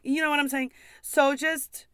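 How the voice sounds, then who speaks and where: A woman's voice: high-pitched, little pitch movement, normal speed, a bit bright, dry recording, studio quality. Blunt, swearing young woman ranting. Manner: blunt, exasperated, swears often, laughs. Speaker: podcast host, pub server. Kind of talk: casual ranting monologue.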